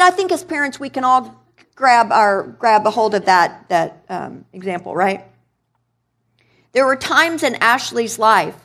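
A woman preacher giving a sermon in a conversational, animated way, asking the congregation questions. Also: medium pitch. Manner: conversational, animated, quizzes the audience.

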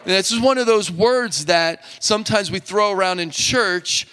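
A male pastor preaching a sermon to his congregation in a relaxed, joking, conversational way. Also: high voice, normal speed, clean tone. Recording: long hall reverb.

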